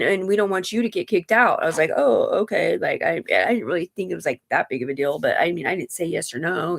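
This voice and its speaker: A woman's voice: medium pitch, creaky. A woman livestreaming, telling a personal story in a rambling, profane way that often turns emotional.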